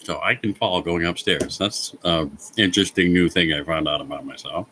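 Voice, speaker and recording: Casual vlogger, male, very low voice with a bright edge, laughs and swears a lot. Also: moderate pace, slight background noise, poor audio. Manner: chuckles often, swears freely, self-mocking. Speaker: vlogger chatting with live viewers. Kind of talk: casual chat, rambling storytelling.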